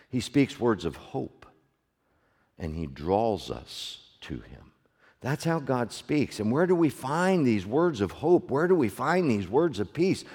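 Older male pastor, unhurried sermon delivery, rhetorical questions to the pews, echoing church hall. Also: on the low side. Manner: asks the congregation rhetorical questions, swings between loud and hushed. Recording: long hall reverb.

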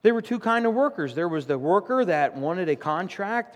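A man preaching a sermon, telling a story in a lively, animated way. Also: moderate pace, long reverb tail. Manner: animated storytelling, rising to loud indignant pitch in acted quotes. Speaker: pastor. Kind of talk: sermon with a told joke.

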